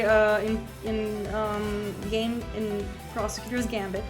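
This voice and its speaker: A woman's voice: medium pitch, little pitch movement, measured pace, hardly any pauses. Chatty woman streamer over game music. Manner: chatty, joking, with fillers. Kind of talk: casual gameplay commentary.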